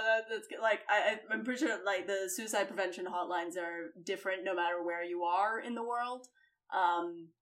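A woman with an American accent hosting a casual podcast, swearing freely and laughing often. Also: on the low side. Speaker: podcast host.

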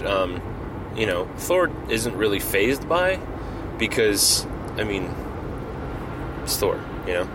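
A man hosting a comedy podcast, rambling playfully through a made-up story with plenty of fillers and restarts. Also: lowish voice. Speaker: podcast host. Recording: noisy home recording.

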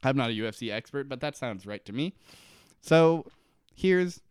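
A man in casual podcast chat, retelling a story and slipping into quick impressions of each character. His voice is smooth and clean. The sound is close and dry, with no room around it. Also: medium pitch, expressive, no room sound. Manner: laughing, swearing, acting out quotes. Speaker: podcast co-host. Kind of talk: casual episode recap chat.

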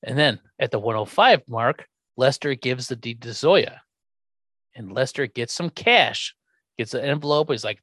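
A man's voice: medium pitch, measured pace, dry recording. Sarcastic podcast guy recapping a movie, really up and down voice, dry close sound, swears a lot. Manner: animated, sarcastic, swears freely. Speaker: podcast co-host. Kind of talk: casual chat.

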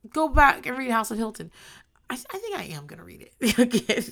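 Woman host, loud and animated, casual chat, swears and laughs, bright and lively delivery. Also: on the high side, fairly quick, creaky. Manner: animated, swears freely, acts out quotes, laughs often. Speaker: podcast host recapping a reality show.

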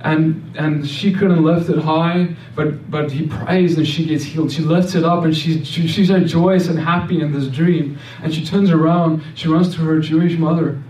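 A man with a higher voice, darkish in tone, shares an earnest faith testimony at a moderate pace with fairly even intonation and hardly any pauses. His storytelling tumbles with restarts and repeated words, captured from a distance in a roomy, echoing space.

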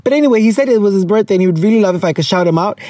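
A man's voice: high-pitched, animated, racing, dark tone, no echo, studio quality. A man in his thirties hosting a casual chat show, playful and chatty, mixing in local slang. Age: 30s. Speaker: podcast host.

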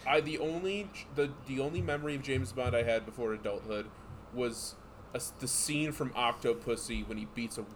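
A man's voice: medium pitch, fairly quick, slight background noise. A man co-hosting a podcast in casual comedic chat, rambling and joking. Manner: rambling, joking, breaks into laughter. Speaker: podcast co-host.

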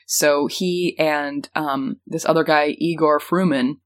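Low-voiced woman podcast host rambling. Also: steady tone, slow pace. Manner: rambling, lots of "um" and "like", laughs easily. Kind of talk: casual news-commentary chat.

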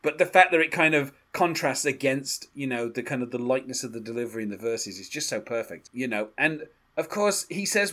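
A man's voice: medium pitch, fairly quick, a bit bright. A man co-hosting a casual music podcast, talking loosely with many fillers and little laughs. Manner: chatty, many fillers, reads lyrics aloud. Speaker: podcast co-host.

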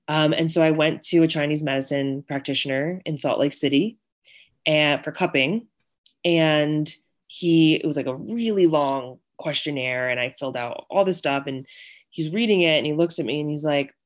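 A woman's voice: sits low, moderate pace. Chatty young woman telling a story. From Connecticut and Virginia, US. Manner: chatty, many fillers, acts out quoted voices. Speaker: guest. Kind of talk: casual storytelling interview.

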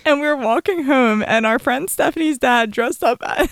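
High-voiced, giggly young woman. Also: normal speed, no echo. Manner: giggly, laughs through her stories. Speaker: podcast co-host. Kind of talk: casual chat.

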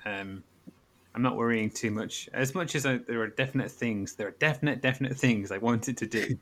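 A man's voice: medium pitch, normal speed, fairly bright tone. A man chatting casually as a podcast host, rambling with frequent restarts and jokes. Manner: rambling, stammers and restarts, jokey. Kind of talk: casual chat.

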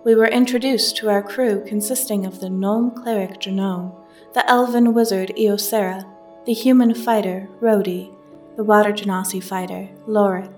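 A woman reading a scripted recap in a measured, announcer-like way. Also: medium pitch, fairly even intonation, darkish tone. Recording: distant voice over music.

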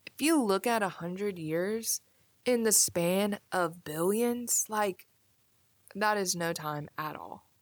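A young woman hosting a solo podcast, musing casually with many "like"s and soft asides. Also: mid-range voice, takes it slowly, no echo. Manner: casual, musing, filler-heavy with frequent "like". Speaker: podcast host. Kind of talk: reflective solo podcast monologue.

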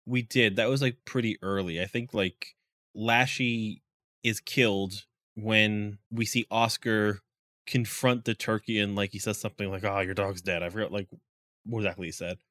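Bright-voiced man recapping a movie casually. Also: lowish voice, steady tone, dry recording. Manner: rambling, many "like"s, quotes characters in quick voices.

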